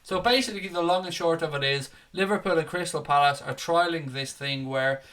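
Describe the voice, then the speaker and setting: A young man runs a live fan show, chatting about viewer comments as he reads them and calling viewers mate. His voice is on the high side, a little fast, and a bit bright.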